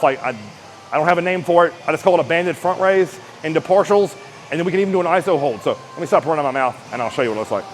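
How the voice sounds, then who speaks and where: An energetic male fitness coach talks through a shoulder exercise as he performs it, and his voice strains under the effort. His voice sits a little on the high side. Faint music plays behind him. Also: low-quality recording. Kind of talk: casual exercise demonstration.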